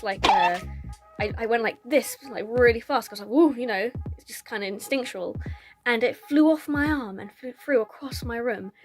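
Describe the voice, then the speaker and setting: A woman, ranting to camera in a casual vlog, blunt and sweary, laughing often, recorded on a phone. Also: on the high side. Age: 20s. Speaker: vlogger.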